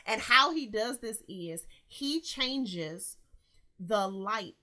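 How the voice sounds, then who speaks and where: A woman's voice: on the high side, lively intonation, drawn-out words, sharp tone. A woman co-hosting a casual podcast chat, explaining things and acting out little scenes with quoted voices. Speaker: podcast co-host.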